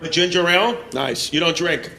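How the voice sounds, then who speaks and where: A man's voice: a little high, normal speed, creaky, sharp tone. A young man doing crude, teasing stand-up crowd work in a crowded airport terminal venue. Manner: brash, teasing, crude banter with audience. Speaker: stand-up comedian. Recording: noisy live crowd. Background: crowd laughter and terminal ambience.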